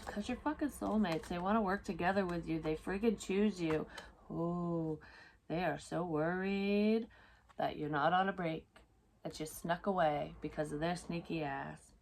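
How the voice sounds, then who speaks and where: Casual tarot-reader vlogger, a woman with a lowish voice, swears freely and rambles, faint hiss behind. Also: unhurried, a little mellow. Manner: rambling, profane, talks straight to the viewer. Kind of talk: casual tarot reading while doing makeup.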